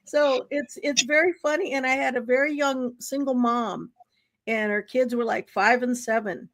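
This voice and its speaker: Lively woman trainer telling anecdotes. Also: sits high, moderate pace. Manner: lively, laughs often, acts out anecdotes. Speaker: workplace behavior trainer. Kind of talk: casual interview storytelling.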